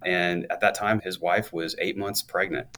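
A man's voice: low-pitched, fairly even intonation, normal speed, bright, forceful tone. A man in his thirties, a guest on an interview show, telling his story in an upbeat, chatty way with a laugh now and then. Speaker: guest, law firm owner.

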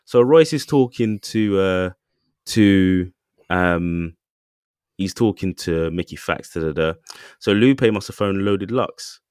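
A man's voice: deep voice, slow, a little mellow, smooth, no echo, clean studio sound. A man co-hosting a podcast, telling a story loosely with lots of fillers and asides. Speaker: podcast co-host. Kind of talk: casual chat.

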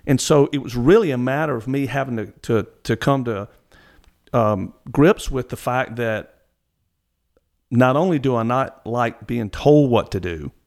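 A man's voice: mid-range voice, a little mellow. A middle-aged man from Mississippi, telling stories as a guest, rambling with frequent restarts. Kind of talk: casual storytelling.

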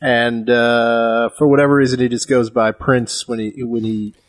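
Male podcast co-host, middle pitch, halting and measured, deadpan, dry humor. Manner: measured, hesitant with frequent ums and restarts, dry humor. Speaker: podcast co-host reviewing a film. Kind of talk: casual comedic chat.

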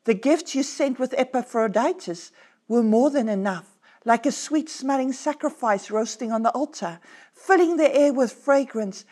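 Woman pastor, podcast sermon, earnest and emphatic, higher-pitched voice. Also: animated, darkish tone. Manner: earnest, emphatic, slows down to stress words. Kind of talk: podcast sermon with scripture reading.

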